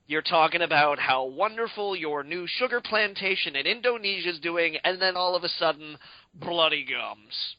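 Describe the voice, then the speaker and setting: A man's voice: a little high, no echo, dull audio. A man co-hosting a podcast, chatting casually and spinning exaggerated comic riffs. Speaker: podcast co-host. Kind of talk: casual comedic chat.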